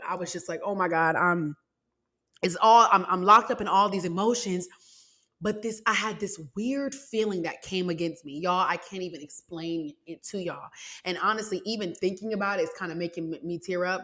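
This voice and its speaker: A woman hosting a podcast, telling a personal story in an emotional, animated, faith-filled way and speaking straight to her listeners. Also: mid-range voice. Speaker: podcast host.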